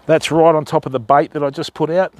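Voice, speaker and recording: Chatty high-voiced Australian man. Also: steady tone, brisk, lo-fi sound. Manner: chatty, matey, addresses viewers as fam. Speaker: live-streamer. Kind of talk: casual live-stream chat with viewers. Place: outdoors at night by the water in rain.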